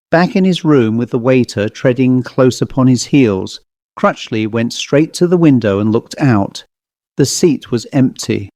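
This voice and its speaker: A man reading a ghost story aloud in a steady, measured way, close to the mic. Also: medium pitch, dry recording. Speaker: audiobook narrator. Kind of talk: scripted ghost story narration.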